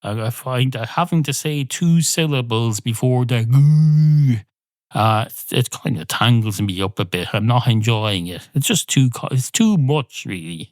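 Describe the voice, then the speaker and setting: A man's voice: medium pitch, darkish tone, dry recording, studio quality. A man hosting a podcast, rambling through a playful comic monologue, often cutting himself off and swearing freely. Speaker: podcast host.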